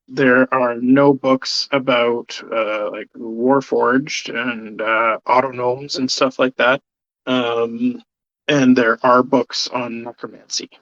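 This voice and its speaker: A game master narrating a tabletop game, hesitant with many pauses and fillers. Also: mid-range voice, fairly bright tone, no room sound, highs cut off.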